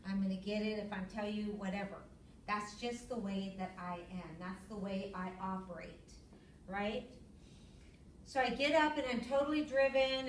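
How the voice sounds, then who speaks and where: A middle-aged woman, teaching a yoga lecture to students as a lively storyteller. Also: a little hiss or hum. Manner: lively storyteller, acts out her own yelling in a high voice. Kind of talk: classroom lecture. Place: classroom. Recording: echoey room, far from the mic.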